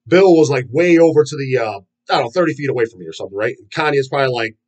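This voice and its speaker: Husky, profane man telling rambling stories. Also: mid-range voice, lively intonation, rapid-fire, rough recording. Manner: profane, rambling storyteller with frequent fillers. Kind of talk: casual rant about metal.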